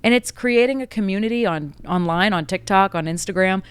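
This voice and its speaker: Woman podcaster rambling casually, lots of "like", smooth lowish voice, dry close sound. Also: fairly quick, no echo. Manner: chatty, rambling, heavy on "like", frequent self-corrections. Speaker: podcast host. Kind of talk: casual spiritual monologue.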